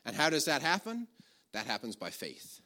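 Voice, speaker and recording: A man preaching a sermon, telling a story with animated energy, shouting the quoted commands and dropping low for asides. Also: normal speed.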